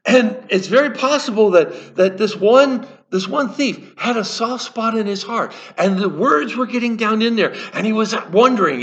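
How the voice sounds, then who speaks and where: A man preaching in a church, telling a story earnestly and haltingly, often restarting his sentences. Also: high-pitched, fairly bright tone, highs cut off. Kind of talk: sermon storytelling.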